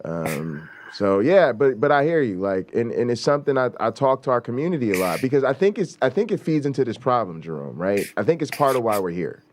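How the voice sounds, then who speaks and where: A man's voice: mid-range voice, big pitch swings, a little fast, hardly any pauses. Emphatic man riffing on his show. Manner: emphatic, rhetorical, keeps asking "right?"; blunt, swears freely. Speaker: talk show host. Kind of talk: casual commentary.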